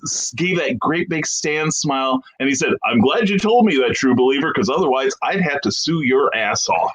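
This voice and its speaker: Animated middle-aged man telling stories. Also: fairly high pitch, fairly quick, hardly any pauses, rough recording. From United States. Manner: animated anecdotal storyteller, acts out quoted voices. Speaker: guest. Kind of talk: casual storytelling interview.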